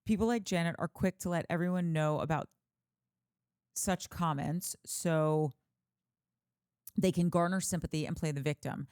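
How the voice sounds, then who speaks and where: A woman's voice: on the low side, moderate pace, pauses often, a little mellow, clear, resonant tone, no echo, clean studio sound. A woman co-hosting a podcast, chatting casually and reading out listener comments. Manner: chatty, reads comments aloud. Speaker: podcast co-host.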